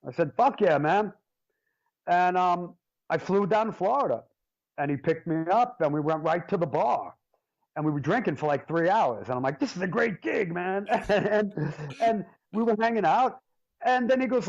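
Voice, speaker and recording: Animated joking male drummer, lo-fi. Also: on the high side, moderate pace. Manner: animated, jokey, swears freely. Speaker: drummer, interview guest. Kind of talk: casual storytelling.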